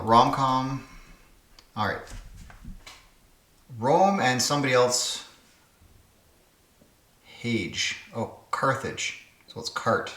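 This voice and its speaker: Working through word games on his own puzzle channel, a man thinks aloud and mutters in casual solo commentary. His mid-range voice is bright and forceful, and the sound is roomy.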